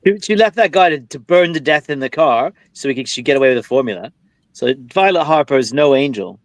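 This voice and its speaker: A man chats about comics, quick and opinionated. His voice runs a bit high and swings widely in pitch. The sound is dry and close, with no room around it. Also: animated, no echo. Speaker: podcast co-host. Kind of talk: casual chat.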